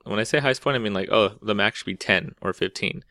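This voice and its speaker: A man's voice: fairly low pitch, quick pace, bright, forceful tone, dry recording, studio quality. A man teaching calculus in a casual, conversational way, often checking in with "right?" and restarting words mid-thought. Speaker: math teacher. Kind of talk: explaining calculus over a whiteboard.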